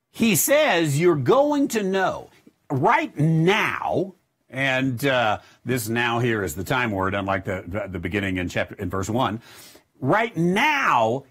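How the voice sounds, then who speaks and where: A middle-aged man teaching a Bible lesson verse by verse, with a slightly husky voice. His pitch rises and falls lively as he stresses words while reading scripture and explaining it. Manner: reads scripture aloud then explains it, animated emphasis.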